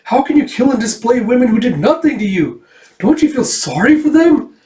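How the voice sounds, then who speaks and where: A man's voice: very high-pitched, sing-song, fairly quick, a little mellow, pitched above the performer's own voice. A man putting on a sweet childish girl. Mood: pleading. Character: young girl cyborg, cheerful and naive. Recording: echoey room, far from mic.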